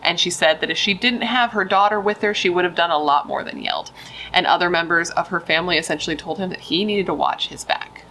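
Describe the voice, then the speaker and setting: A woman's voice: lowish voice, fast, bright, forceful tone, slight background noise, poor audio. A young woman casually telling a true crime story, emphatic and chatty, swearing and saying dude and like.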